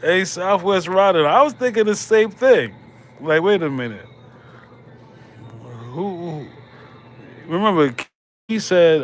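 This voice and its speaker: A man's voice: high voice, expressive, takes it slowly, pauses often. A man hosting a casual livestream from a hospital room, slangy and laid back as he chats with viewers. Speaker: livestream host.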